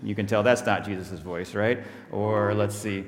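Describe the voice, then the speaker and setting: Friendly minister in an echoey church. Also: male voice, lowish voice, fairly even intonation, moderate pace, few pauses, a crowd in the background. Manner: friendly, explaining. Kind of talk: children's talk in a church service.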